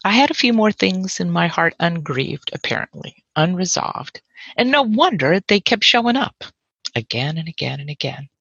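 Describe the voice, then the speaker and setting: A woman's voice: on the low side, big pitch swings, moderate pace, creaky, fairly bright tone, slightly rough, no echo, highs cut off. A woman telling a personal story in a reflective, wry way, lingering over lyrical lists of things she loves.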